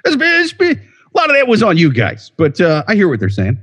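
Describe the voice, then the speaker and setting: Husky, animated man joking sarcastically. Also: sits high, brisk. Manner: sarcastic, jokey. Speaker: podcast co-host. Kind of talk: casual chat.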